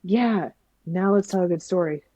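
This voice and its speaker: A woman speaking as a podcast guest in a warm, mellow voice. She talks enthusiastically and expressively, and the recording is close and dry. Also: lowish voice, normal speed, no echo. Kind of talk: casual conversation.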